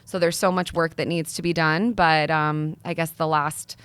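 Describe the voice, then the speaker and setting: A young woman talks in an earnest, articulate way, making her case as an interview guest. Her voice sits a little low for a woman. The sound is dry and close, with no room echo. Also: level tone, normal speed, a bit bright, smooth. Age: young adult. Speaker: guest, nonprofit founder. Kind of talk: sit-down interview conversation.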